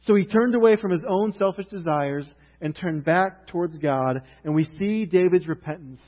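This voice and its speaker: A high-voiced man preaching a sermon, telling the story with lively, emphatic build-ups. His voice rings with a long hall reverb and a slightly muffled, dull sound. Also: moderate pace. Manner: storytelling, animated retelling with rising outrage.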